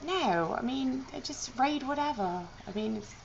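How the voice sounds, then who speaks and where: A woman vlogging about books in a deliberately put-on British accent, rambling and poking fun at herself with plenty of "I mean" and "like". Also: high voice, expressive, gravelly, highs cut off, a little hiss or hum. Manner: rambling, self-mocking, heavy on fillers like "I mean" and "like". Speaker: book vlogger. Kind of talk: jokey rambling vlog.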